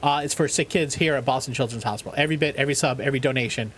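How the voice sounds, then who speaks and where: Speaking in a mid-range voice at a rapid-fire clip, this game streamer jokes and curses with his chat, with a little noise in the background. Between bits of gameplay he reads out trivia questions, staying lively and foul-mouthed throughout.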